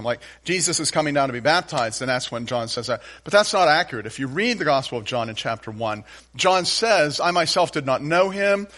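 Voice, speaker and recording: A man preaching a sermon in a folksy, animated storytelling manner with playful asides. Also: a little high. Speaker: pastor.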